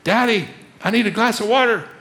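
A man's voice: high voice, fairly quick, gravelly, bright, forceful tone, voice pushed up, full character voice. A man putting on a small pleading boy. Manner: wheedling child's plea.

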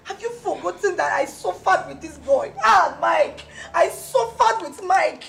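A woman's voice: sits high, sing-song, normal speed, creaky, heavily acted. A woman playing a jilted young ex-girlfriend, scheming and melodramatic, who stammers as she talks. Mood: self-pitying. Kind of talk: amateur drama acting.

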